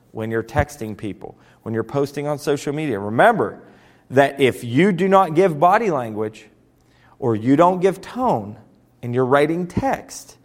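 A man giving a motivational talk on personal development, emphatic and varying his delivery for effect. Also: medium pitch. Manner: emphatic, rising and falling for effect.

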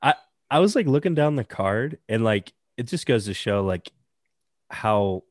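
Low voiced guy rambling on a podcast, dry close sound. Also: lively intonation, a little slow, dry recording. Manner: rambling, lots of fillers. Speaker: podcast co-host. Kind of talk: casual chat.

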